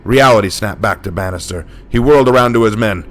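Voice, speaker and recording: A man telling a dark war story in a steady, dramatic scripted narration. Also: lowish voice, fast.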